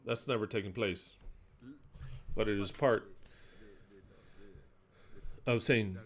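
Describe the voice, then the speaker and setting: A man preaching a sermon, declaiming scripture loudly and dropping into quiet asides. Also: fairly low pitch, slow pace. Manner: emphatic, swings between loud declaiming and quiet asides.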